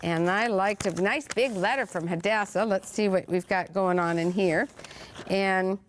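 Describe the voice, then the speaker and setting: A woman's voice: medium pitch, measured pace, slight background noise. A woman hosting a children's TV show, reading viewer letters aloud and speaking in an encouraging way directly to the children.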